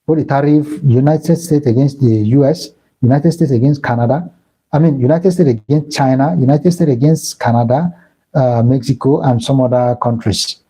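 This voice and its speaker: Husky Nigerian Igbo man, very dark voice. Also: medium pitch, moderate pace, low-quality recording. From southeastern Nigeria. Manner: repeats himself, thanks and blesses viewers. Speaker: crypto live-stream host. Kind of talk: casual live-stream Q&A.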